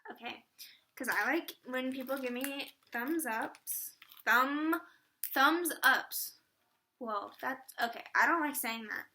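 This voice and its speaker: Bubbly high-voiced teenage girl vlogger. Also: unhurried, sharp tone. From Atlanta area, US Southern. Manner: bubbly, rambling with many fillers. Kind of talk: casual chat.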